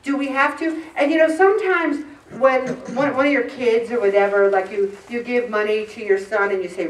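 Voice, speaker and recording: A middle-aged woman giving an informal devotional talk, animated and acting out the voices she quotes. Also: a little high, normal speed, hardly any pauses, a little hiss or hum. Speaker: Christian speaker on emotions. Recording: echoey room, mic far off.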